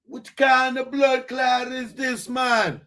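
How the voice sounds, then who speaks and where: A man voicing a loud, hot-tempered Jamaican man in a live comedy rant, shouting in a Jamaican accent. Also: level tone, heavily acted. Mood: outraged. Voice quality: shouting, high-pitched, drawn-out words.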